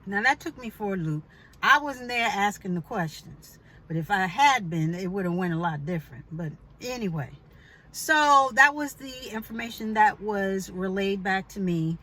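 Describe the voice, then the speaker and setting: A woman's voice: mid-range voice, animated, normal speed, bright, forceful tone, poor audio. A woman telling a personal story in a chatty, emphatic way, with pointed asides to the listener. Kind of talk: casual storytelling vlog.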